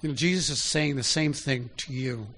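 A man's voice: mid-range voice, moderate pace, sharp tone, slight background noise. A man preaching a sermon in an easy, conversational way, often asking his listeners direct questions.

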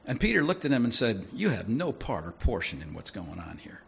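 Male preacher, conversational sermon delivery with questions to the audience; gravelly and low. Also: sing-song, brisk.

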